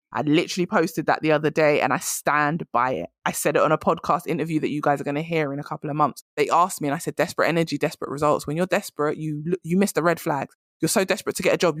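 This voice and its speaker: A woman's voice: lowish voice, dry recording. Emphatic woman coaching, dry close mic. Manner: animated, direct, emphatic advice-giving. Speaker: career coach and podcast host. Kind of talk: casual podcast monologue.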